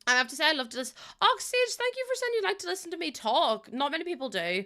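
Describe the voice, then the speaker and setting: A young woman from Northern Ireland, with a Northern Irish accent, chats and laughs with viewers on a casual live stream while building in a game. Her high, pushed, bright voice swings widely in pitch, and she talks fast with few pauses. She rambles chattily, laughs often and addresses viewers directly.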